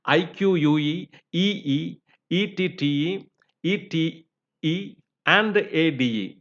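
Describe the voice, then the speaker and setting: A methodical male teacher walks through pronunciation rules, spelling out word endings letter by letter and dropping frequent fillers. His voice sits a little high for a man. The recording is dull and lo-fi. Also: fairly bright tone. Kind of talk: spoken lesson on word stress.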